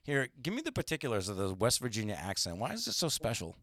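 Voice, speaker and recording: Male host, animated and joking, dry close sound. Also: mid-range voice, fast talker, no echo. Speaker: podcast host. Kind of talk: casual chat.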